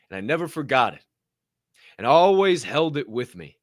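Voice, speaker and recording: Animated, profane young man. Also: brisk, dry recording, clean studio sound. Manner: animated, profane, swings between loud outbursts and low asides. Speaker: podcast co-host. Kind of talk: motivational podcast monologue.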